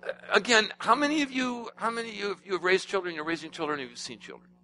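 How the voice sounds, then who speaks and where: A man preaching from the pulpit of a church sanctuary, with a bright, forceful voice sitting a little high for a man. He swings between hushed, quiet passages and loud, emphatic climbs. He keeps asking the congregation questions as he goes. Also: fast, low-quality recording. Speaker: pastor. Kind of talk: sermon.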